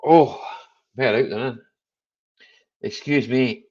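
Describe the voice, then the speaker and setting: A man's voice: medium pitch, lively intonation, a little slow, lo-fi sound. A man hosting a casual live chat stream, jokey and rambling, chuckling often.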